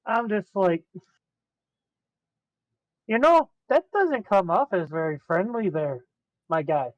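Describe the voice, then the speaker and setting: A man playing a tabletop game, talking in a high, quick, blunt way and swearing freely. The sound is dry and a little dull, with no room echo. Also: expressive. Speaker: player. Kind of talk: casual tabletop game chat.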